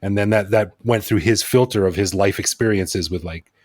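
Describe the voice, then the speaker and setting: A male podcast host talks casually, rambling enthusiastically from thought to thought. His voice sits low, and the sound is dry and close, with no room echo. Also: moderate pace. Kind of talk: casual conversational interview.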